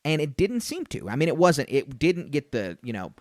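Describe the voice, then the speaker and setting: A man's voice: fairly high pitch, wildly swooping pitch, normal speed, darkish tone, no room sound, clean studio sound. A young man co-hosting a casual podcast review chat, rambling with frequent fillers and restarts. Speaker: podcast co-host.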